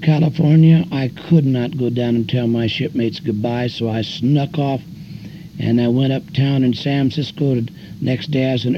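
An older man preaching as an evangelist, telling folksy stories and pushing his voice sharply higher on emphasis. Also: noisy background. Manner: folksy storytelling preacher, voice climbing high in emphasis. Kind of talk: sermon. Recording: dull lo-fi recording with faint music.

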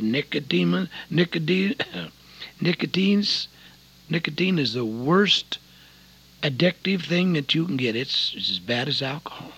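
Earnest high-voiced preacher, lo-fi recording. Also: male voice, lively intonation, measured pace, husky. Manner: earnest, folksy storytelling. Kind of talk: sermon with personal testimony. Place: Seattle. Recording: dull lo-fi sermon recording.

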